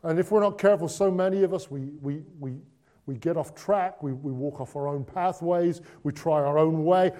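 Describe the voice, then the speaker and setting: A man giving a conversational Christmas sermon, moving between hushed and excited delivery with lots of repetition. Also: fairly high pitch, normal speed. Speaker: preacher.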